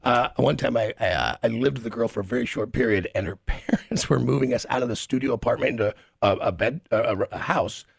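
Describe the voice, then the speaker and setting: A man's voice: medium pitch, fast talker, creaky, few pauses, slightly rough, dry recording. A male radio host trading crude jokes and stories in loose, profane banter on a studio mic. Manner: loose, profane, jokey storyteller.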